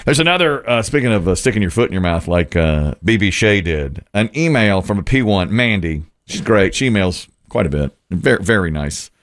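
A man's voice: sits low, lively intonation, a little fast, hardly any pauses. A middle-aged man hosting a radio show, chatting and laughing often as he tells stories. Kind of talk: casual morning radio banter.

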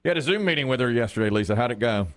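A man's voice: mid-range voice, animated, racing, no room sound. A middle-aged man hosting a morning radio show, chatting casually and joking with frequent laughs.

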